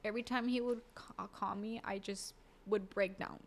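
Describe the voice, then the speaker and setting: A woman as a podcast guest, telling a personal story in an emotional, halting way with many fillers and restarts. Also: medium pitch, fairly even intonation. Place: podcast studio.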